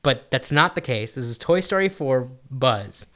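Bright-voiced man in casual chat. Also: medium pitch. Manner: animated, puts on quick character voices.

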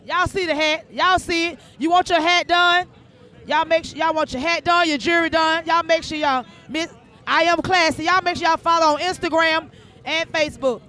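A man hosting a live outdoor bike night, excitedly giving repetitive shout-outs. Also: very high voice, normal speed. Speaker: show host. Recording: crowd noise behind, outdoors.

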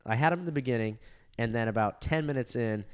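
A man's voice: mid-range voice, fast, clear, resonant tone. A young man, a stand-up comedian, telling a casual story, profane and laughing, with many fillers.

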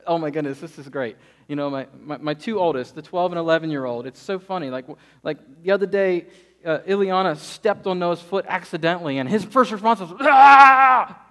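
A man in his thirties preaching a sermon, telling stories and acting out quotes with lively energy. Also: sits high. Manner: lively storytelling, acts out quotes. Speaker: pastor.

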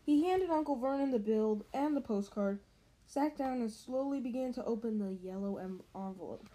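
A woman reads a novel aloud in a relaxed, unpolished way, her voice sitting a bit high. She stumbles on words and corrects herself as she goes. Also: moderate pace, rough recording. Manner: casual, with slips and restarts. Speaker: reader.

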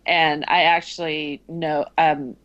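A woman's voice: sits low, little pitch movement, takes it slowly, lo-fi sound. A woman co-hosting a podcast in casual chat, chatty and enthusiastic as a fan. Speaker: podcast co-host.

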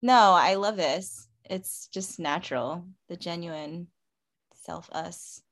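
A woman's voice: fairly low pitch, takes it slowly. A young woman co-hosting a casual chat, agreeable, with short replies and frequent laughs. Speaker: co-host.

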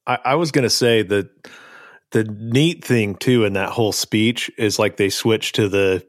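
A man's voice: lowish voice, unhurried, dry recording, clean studio sound. A man co-hosting a podcast, chatting casually in an upbeat, enthusiastic way. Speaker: podcast co-host. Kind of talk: casual chat.

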